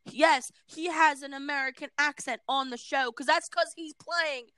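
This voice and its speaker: A woman's voice: sits high, fairly even intonation, moderate pace, sharp tone, dry recording, rough recording. A woman hosting a casual chat, speaking in an earnest and emphatic way. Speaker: host.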